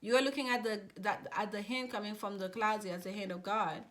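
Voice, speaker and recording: A woman's voice: medium pitch, fairly even intonation, brisk, fairly bright tone. A woman giving a casual tarot reading, chatty and rambling, with many fillers and restarts. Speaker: tarot reader.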